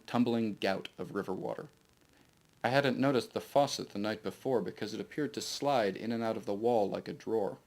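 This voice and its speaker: A man reading his own novel aloud to a live audience in steady first-person narration. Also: fairly low pitch.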